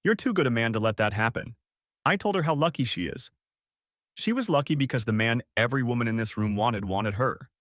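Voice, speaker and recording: A man voicing a calm woman who speaks softly but firmly, in a story audiobook. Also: medium pitch, brisk, no room sound, studio quality, close to an everyday voice. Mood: soothing. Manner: soft but firm, soothing. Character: calm persuasive woman, the wife's friend. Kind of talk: audiobook character voice.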